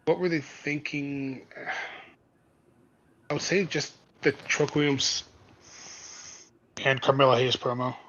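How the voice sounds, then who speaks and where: Male co-host, sharp tone, dry wit, dull lo-fi mic. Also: mid-range voice. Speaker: podcast co-host. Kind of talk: casual wrestling chat.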